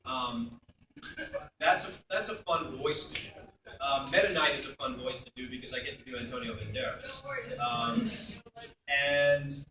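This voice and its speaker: A middle-aged man from Brooklyn, New York, a voice actor talking at a convention panel Q&A in a chatty, animated way, recorded on a phone in the audience. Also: medium pitch, measured pace, vocal fry, far from the mic, a little hiss or hum. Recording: echoey hall, phone mic from afar.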